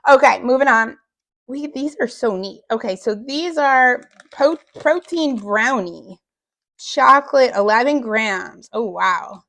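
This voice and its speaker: Gravelly-voiced woman chatting to viewers. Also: on the high side, expressive, takes it slowly, a bit bright. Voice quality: rough, gravelly voice. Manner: chatty and joking, with small asides. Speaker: vlogger unpacking a food bank haul. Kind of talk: casual chat to viewers.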